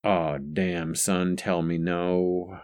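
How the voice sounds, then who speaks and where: A man puts on a blunt old father, curt and dismissive, his lines clipped and low. He sounds gruff and set in his ways, like a man who smokes heavily, in a read storybook. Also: flat delivery, drawn-out words, a little mellow.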